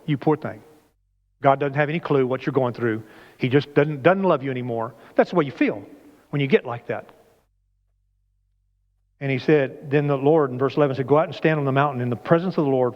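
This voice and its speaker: A man preaching a conversational sermon in a church, often asking the congregation questions. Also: on the high side. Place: church sanctuary. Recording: dull lo-fi church recording with long reverb.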